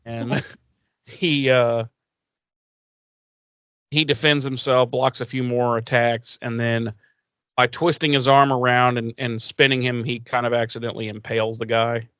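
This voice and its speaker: A man's voice: medium pitch, little pitch movement, unhurried, fairly bright tone, clean tone, dry recording. A podcast co-host man recapping a TV episode in rambling casual chat, acting out the characters' lines and swearing freely.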